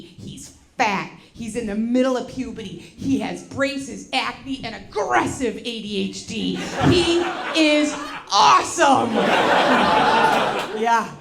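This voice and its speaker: A woman's voice: a little high, gravelly. A woman in her forties performing stand-up comedy, brash and profane, laughing often as she tells her stories. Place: comedy show with laughing audience. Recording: echoey live venue with loud background noise.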